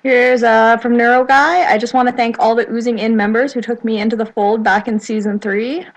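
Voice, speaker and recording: A woman's voice: a little high, little pitch movement, a little fast, low-quality recording. Upbeat woman podcast host. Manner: upbeat, reads listener notes. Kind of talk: casual chat.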